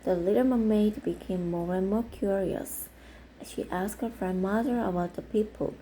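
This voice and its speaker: A native Korean woman reading a children's storybook aloud in English, slowly and carefully. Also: medium pitch, mellow, slight background noise, poor audio.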